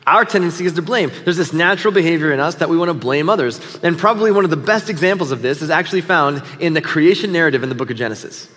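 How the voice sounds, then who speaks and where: Middle-aged male pastor, slightly high voice, relaxed storytelling sermon, long hall reverb. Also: quick pace, few pauses. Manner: storytelling, conversational and self-deprecating.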